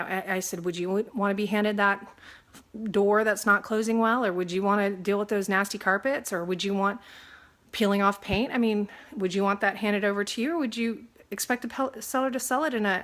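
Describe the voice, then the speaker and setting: Chatty woman real estate agent, casual straight-to-camera talk, acts out clients in quick asides. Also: medium pitch, fairly bright tone. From Texas. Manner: chatty, acts out clients' voices with many fillers; faith-minded, mentions praying.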